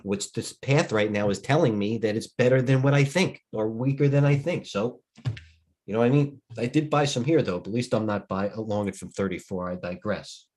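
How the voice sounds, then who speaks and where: A middle-aged man with a fairly low voice talks through stock charts on a live stream. He is a little tired and rambles, thinking aloud and breaking off mid-sentence. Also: normal speed, darkish tone. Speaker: stock trading host. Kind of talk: live trading stream commentary.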